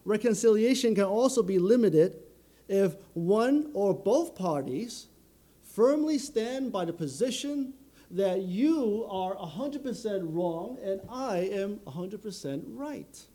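Earnest high-voiced male preacher. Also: animated, warm tone. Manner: earnest, measured, with many "you know" fillers. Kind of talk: sermon.

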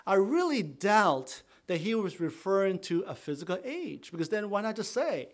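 Lively high-voiced male preacher. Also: normal speed, few pauses. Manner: animated preaching with big swings in loudness, dropping to near-quiet at phrase ends; conversational asides to the congregation. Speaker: pastor. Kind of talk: sermon.

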